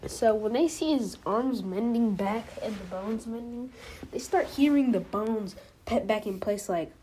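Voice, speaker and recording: Mellow-voiced woman rambling through a fan story. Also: mid-range voice, a little hiss or hum. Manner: rambling, filler-heavy, self-correcting. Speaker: channel host. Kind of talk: casual fan-theory storytelling.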